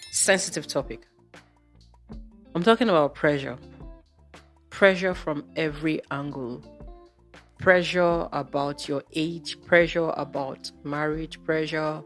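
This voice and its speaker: A woman telling a story on her vlog in a chatty, exasperated way, full of rhetorical questions. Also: low voice. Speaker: vlogger. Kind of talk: casual storytelling monologue.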